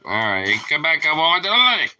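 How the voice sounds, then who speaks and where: Playful, profane man with a bright voice. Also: a little high, wildly swooping pitch, normal speed. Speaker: dog owner. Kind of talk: casual vlog talking to his dog.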